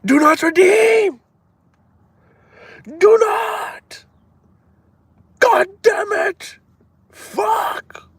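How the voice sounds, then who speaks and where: A man putting on a mock accent as a panicked man pleading, wailing his words out shrilly and slowly. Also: very high-pitched, a bit bright, pitched above the performer's own voice, full character voice.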